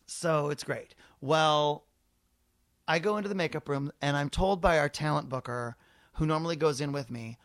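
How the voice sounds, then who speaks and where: A man's voice: fairly high pitch, normal speed, fairly bright tone. A middle-aged man telling a long story in casual podcast chat, acting out the voices of the people in it.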